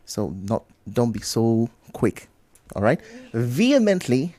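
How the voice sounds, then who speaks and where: A man in a radio studio, briskly correcting student debaters' pronunciation word by word and explaining each fix. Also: on the low side, steady tone, warm tone. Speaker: pronunciation coach on a radio show.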